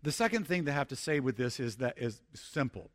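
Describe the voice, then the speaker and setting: A middle-aged man preaching a sermon as pastor, conversational, with frequent restarts and slowing down for emphasis. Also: mid-range voice, animated, fairly bright tone.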